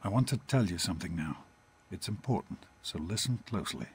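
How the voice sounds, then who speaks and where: An actor playing a gentle, protective father in a video game, speaking in a calm, earnest and reassuring way. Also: deep voice, fairly quick, a little hiss or hum. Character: gentle protective middle-aged father, vault doctor. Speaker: father of the player character.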